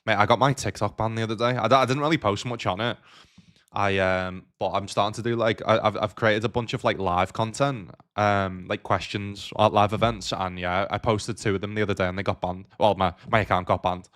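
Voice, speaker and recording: Young man, low-ish casual voice, poker stream chatter. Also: steady tone, brisk, a bit bright. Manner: casual, swears, talks to chat. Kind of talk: live-stream commentary while playing.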